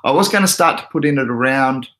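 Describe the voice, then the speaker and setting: A man's voice: medium pitch, fast. Laid-back Australian man, chatty streamer. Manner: relaxed, chatty, laughs often, reads chat aloud. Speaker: crypto livestream host. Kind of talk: casual livestream chat.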